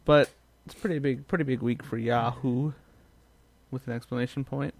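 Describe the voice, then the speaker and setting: A man's voice: medium pitch, steady tone, moderate pace, creaky, dry recording. A man co-hosting a podcast, chatting casually about tech news and often trailing off mid-thought. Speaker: podcast co-host.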